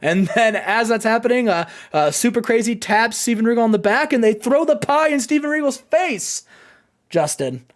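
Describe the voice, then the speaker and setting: A man's voice: extremely high pitch, animated, normal speed. A man hosting a casual let's play, chatty and rambling as he narrates a wrestling game with a friend. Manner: rambling, chatty, laughs often, frequent fillers.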